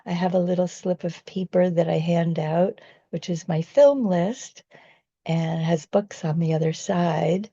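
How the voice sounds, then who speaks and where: A woman's voice: lowish voice, measured pace, mellow, no echo, highs cut off. A woman and vegan activist telling a personal story in an earnest, rambling way, often restarting her sentences.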